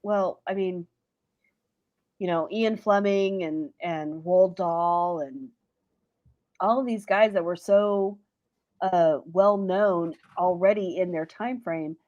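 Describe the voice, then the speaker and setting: A woman's voice: lowish voice, takes it slowly, a little mellow, no room sound, lo-fi sound. Blunt, swearing woman in casual chat. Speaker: panelist on a live riff show.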